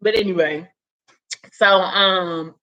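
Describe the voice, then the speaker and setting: A woman casually retelling a novel's plot in an animated, chatty way, full of slang and "like". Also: on the low side, slow pace, low-quality recording. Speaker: vlogger recapping a novel. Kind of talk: casual storytelling recap.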